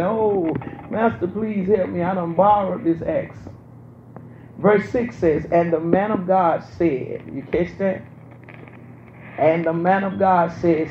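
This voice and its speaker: A man preaching a sermon, emphatic and repetitive, swinging from loud to hushed. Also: a little high, slight background noise. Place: church sanctuary. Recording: roomy, dull sound with faint ambience.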